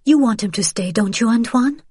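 A young mother pleads earnestly for the child she raised, her voice lifted above the narrator's own, read by a woman. The tone stays mellow and the sound is dry and close. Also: fairly high pitch, expressive, fairly quick, husky, no echo, pitched above the performer's own voice. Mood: earnest pleading.

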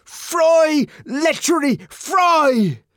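A man voicing an anguished, furious young savage, pleading and screaming in a high strained voice. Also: lively intonation, takes it slowly, a little mellow, smooth, dry recording, clean studio sound, full character voice. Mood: raging. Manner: pleading, then screaming in rage.

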